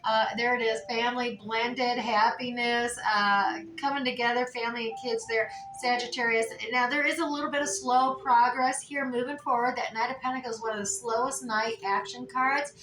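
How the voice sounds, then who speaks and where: A woman's voice: fairly high pitch, flat delivery, moderate pace, few pauses, a bit bright, a little hiss or hum. A woman giving a casual tarot reading, talking in a chatty way with many fillers and restarts. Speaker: tarot reader. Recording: echoey room, mic at a distance.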